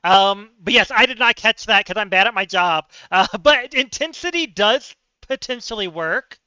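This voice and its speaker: A man with a high, piercing, very bright voice talks through word puzzles on a live stream, chatty and self-mocking as he thinks aloud. His voice comes out smooth and clean, close and dry, though the audio is a little dull and lo-fi. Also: expressive, normal speed, no room sound.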